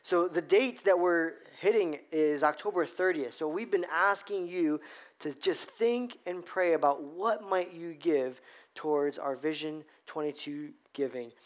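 A male pastor delivering a sermon in a fairly high voice. He tells stories and drags out key words for emphasis. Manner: storytelling with acted-out irritation, emphatic slow phrasing.

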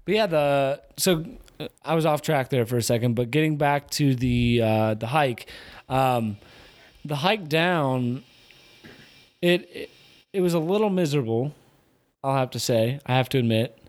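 A man's voice: medium pitch, measured pace. A young man hosting a podcast, chatting casually and rambling with lots of restarts. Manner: rambling, many restarts and fillers. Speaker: podcast host. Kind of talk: casual chat.

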